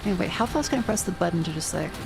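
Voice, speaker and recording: A woman's voice: lowish voice, animated, rapid-fire, gravelly, over loud music. A woman streaming a game in casual chat, chatty and exclamatory, talking to her viewers. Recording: noisy stream mix.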